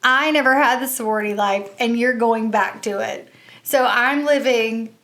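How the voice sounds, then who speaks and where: A woman from New Jersey hosting a podcast in casual chat, sassy and quick, laughing often and a little tipsy from tequila shots. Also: on the high side, fairly bright tone. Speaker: podcast host.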